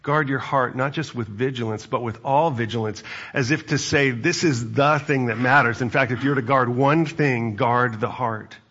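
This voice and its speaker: A male pastor preaches in an earnest, reflective tone, often restarting his phrases. His voice is gravelly and husky. The recording is dull and lo-fi. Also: mid-range voice, moderate pace, few pauses, a bit bright. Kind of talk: sermon.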